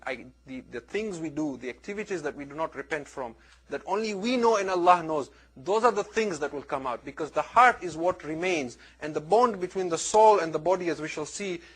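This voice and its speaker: A man giving a religious lecture, telling stories in an earnest, animated way with big swings between loud and soft. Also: fairly high pitch. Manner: earnest, animated storytelling with wide swings in loudness. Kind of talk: sermon with storytelling.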